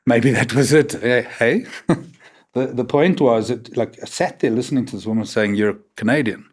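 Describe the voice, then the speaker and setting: His medium-pitched voice has a breathy edge and moves at normal speed as this South African podcast guest in his fifties tells stories openly. In the candid talk-show interview, he tags sentences with "man" and "right?".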